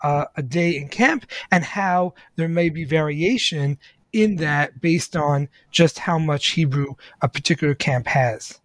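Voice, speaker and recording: Halting male interviewer, dry sound. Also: fairly high pitch, fairly bright tone, no echo. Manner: halting, many restarts. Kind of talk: interview questions.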